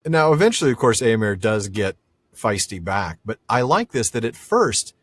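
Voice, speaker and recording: A man's voice: on the low side, sing-song, moderate pace. A man co-hosting a podcast, chatting enthusiastically about a book and riffing on jokes with a chuckle. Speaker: podcast co-host. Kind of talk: casual chat about a book.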